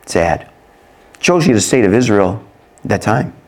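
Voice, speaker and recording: A man's voice: fairly low pitch, very animated, a little slow, darkish tone. A man preaching a sermon, reading scripture aloud and explaining it, asking the congregation questions. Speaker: pastor.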